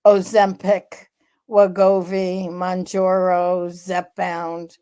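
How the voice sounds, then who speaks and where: A woman co-hosting a candid podcast conversation, explaining in a measured, deliberate way with frequent fillers. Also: on the low side, monotone, warm tone, smooth. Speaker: podcast co-host, researcher.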